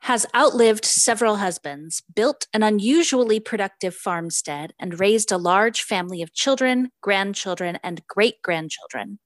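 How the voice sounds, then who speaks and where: A woman's voice: medium pitch, expressive, moderate pace, hardly any pauses, dry recording. A woman co-hosting a podcast in casual chat, chatty and giggly with many fillers, also reading out a book synopsis. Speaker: podcast co-host.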